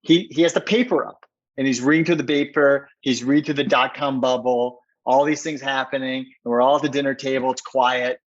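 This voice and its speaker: A man's voice: mid-range voice, fairly even intonation, a little fast, highs cut off. A middle-aged man from Minneapolis telling a personal story as a podcast guest, earnest and emphatic, often restarting his sentences. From Minneapolis, USA.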